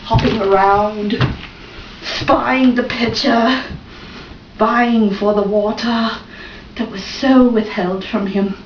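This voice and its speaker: A woman telling a fable in an expressive storytelling style, dramatic with sudden pitch jumps and whispered asides. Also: measured pace. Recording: roomy, distant, dull and noisy.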